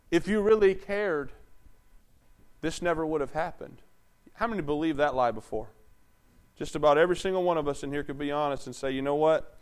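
A man's voice: fairly high pitch, clear, resonant tone. A man preaching a sermon, reading scripture aloud and dramatizing God and Jesus with call-and-response to the congregation. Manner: voices God and Jesus in impassioned quoted speech.

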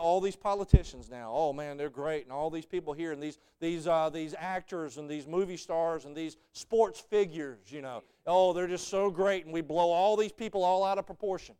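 A male preacher delivers a folksy sermon full of stories. His voice is smooth and resonant and sits fairly high. He builds from easy storytelling to shouted fervor.

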